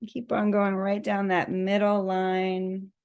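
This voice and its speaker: Female meditation teacher, gentle guiding delivery, mid-range voice with some vocal fry. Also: medium pitch, completely flat delivery, takes it slowly, muffled recording. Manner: soft, gently guiding, laughs at herself. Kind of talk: guided meditation instruction.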